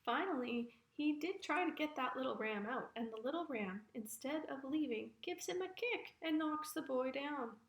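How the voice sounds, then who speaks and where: A woman tells a children's folk tale in a lively storytelling manner. Her voice sits slightly high. The room gives it a clear echo. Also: moderate pace, hardly any pauses. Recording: roomy echo.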